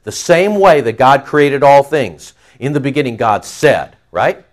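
A man's voice: mid-range voice, sing-song, measured pace. A middle-aged man preaching a conversational, emphatic sermon with frequent asides to the congregation. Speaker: pastor.

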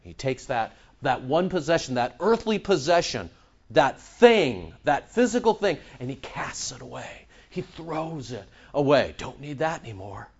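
A man's voice: on the high side, big pitch swings, a little slow, husky, muffled recording. A man preaching a sermon to his congregation. He asks rhetorical questions and repeats phrases for emphasis. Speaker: pastor.

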